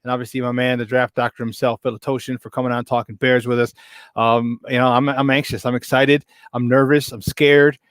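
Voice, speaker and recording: A man's voice: mid-range voice, level tone, brisk, a bit bright, clear, resonant tone, no room sound. Upbeat male sports radio host, dry mic. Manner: upbeat, chummy, thanks guests and plugs the app. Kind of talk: casual sports talk show sign-off.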